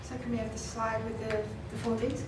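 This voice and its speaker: In a noisy recording made far off in an echoey conference hall, a woman on stage gives a forceful motivational talk. Her voice sits on the high side, brisk and level in tone, and she keeps repeating her points and laughing.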